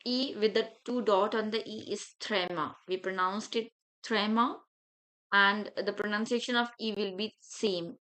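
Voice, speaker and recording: A woman teaching beginners, speaking slowly and deliberately as she pronounces each letter. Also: mid-range voice, fairly even intonation, fairly bright tone, poor audio. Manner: slow, deliberate letter-by-letter pronunciation. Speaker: French teacher. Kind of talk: beginner language lesson.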